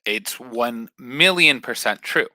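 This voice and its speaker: A man's voice: medium pitch, expressive, slow, sharp tone, dry recording, low-quality recording. A young man talking bluntly and confidently in a casual podcast chat, swearing freely. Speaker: podcast guest.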